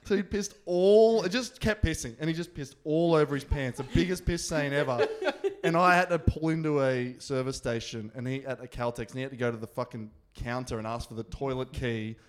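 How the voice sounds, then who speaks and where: A man's voice: medium pitch, brisk. A man with an Australian accent telling a rambling anecdote in a casual chat, with plenty of swearing and restarts. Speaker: podcast co-host.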